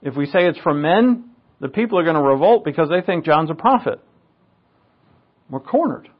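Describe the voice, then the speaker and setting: A man's voice: a little high, animated, moderate pace, lo-fi sound. A man voicing the cornered chief priests in a retold story during a sermon, sounding flustered and defensive.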